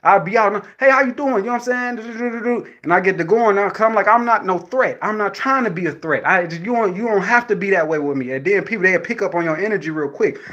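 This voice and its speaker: Guy with a high voice rambling through a story, lots of slang and cussing, keeps saying you know what im saying. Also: fast, hardly any pauses, muffled recording. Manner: animated, swearing, slang-heavy, frequent "you know what I'm saying". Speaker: vlogger addressing viewers. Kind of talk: casual storytelling monologue.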